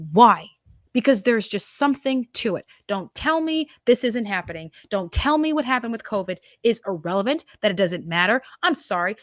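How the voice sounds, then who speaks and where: A woman's voice: a little high, a bit bright, no room sound, clean studio sound. A woman in her twenties hosting a podcast, giving a heated, emphatic political monologue full of rhetorical questions. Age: 20s. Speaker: podcast host.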